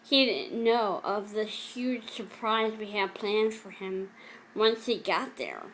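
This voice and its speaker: A woman speaks to her camera in a personal confessional vlog, earnest and heartfelt. She sounds moved, close to tears, and sometimes pauses or restarts as she finds her words. Her pitch sits mid-range for a woman. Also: a bit bright, a little hiss or hum. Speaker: vlogger.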